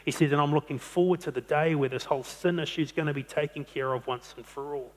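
A man's voice: a little high, steady tone, quick pace. A man preaching a sermon, earnest, stretching out key phrases for emphasis. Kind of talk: sermon on a psalm. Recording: long hall reverb.

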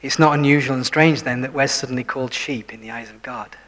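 A man preaching a sermon, dropping to hushed whispers for emphasis and putting questions to his listeners. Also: medium pitch, fast talker. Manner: shifts between full voice and hushed whispers for emphasis; self-deprecating, asks the listeners questions. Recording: long hall reverb.

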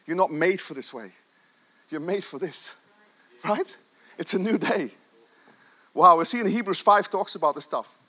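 A man's voice: sits high, moderate pace, long pauses, sharp tone. A middle-aged man preaching a sermon with passion, stressing his points and repeating phrases for emphasis.

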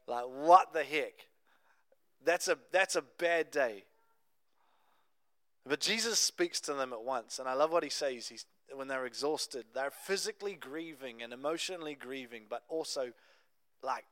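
A young adult man preaching a sermon, telling a Bible story in a conversational, animated way with casual asides. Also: medium pitch, normal speed, smooth, no echo. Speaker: pastor.

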